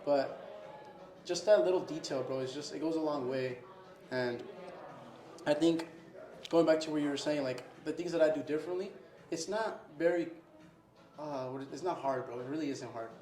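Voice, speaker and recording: A man's voice: on the high side, normal speed, pauses often, a little mellow, roomy sound. A young man who owns a restaurant, talking casually in an interview. He says "bro" a lot and acts out little scenes with customers. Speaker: restaurant owner. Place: his restaurant.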